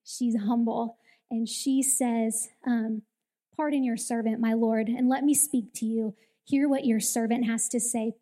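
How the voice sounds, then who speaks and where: A woman in her thirties giving a Mother's Day church talk, telling a story in an animated way and acting out the quoted lines. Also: fairly high pitch, unhurried. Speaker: women's ministry speaker. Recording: long hall reverb.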